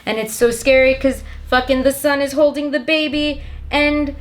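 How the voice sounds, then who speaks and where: A woman's voice: high-pitched, fairly even intonation, normal speed. A young woman giving a rambling, sarcastic and profane comedic plot summary of a film. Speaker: comedic movie recapper.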